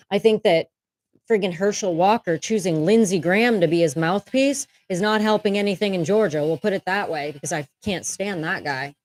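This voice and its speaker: A woman's voice: medium pitch, darkish tone, no room sound. A woman hosting a casual livestream from a room at home, chatting candidly, swearing casually and laughing often. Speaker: livestream host. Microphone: desk microphone.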